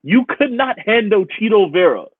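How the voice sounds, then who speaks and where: A man co-hosting a casual sports chat, talking in an animated, profane way and laughing often. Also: sits high, moderate pace, dry recording. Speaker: podcast co-host. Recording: tinny phone-like sound, dry.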